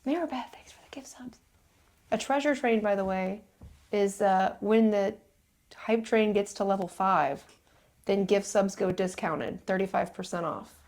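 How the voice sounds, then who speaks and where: A woman hosting a live stream, chatting casually indoors and quickly thanking viewers. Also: medium pitch, a little mellow. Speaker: livestream host. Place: indoors in an old house.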